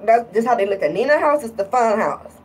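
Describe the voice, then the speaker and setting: A woman's voice: a little high, lively intonation, brisk, a little mellow, far from the mic, slight background noise, poor audio. A woman talking casually in a vlog, irritated and rambling, often repeating herself. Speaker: vlogger.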